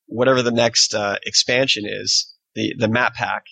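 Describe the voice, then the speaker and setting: Husky gravelly podcast co-host man. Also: fairly low pitch, steady tone, moderate pace, pushed and bright, no echo, poor audio. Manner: hesitant, many fillers and restarts. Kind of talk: casual podcast chat.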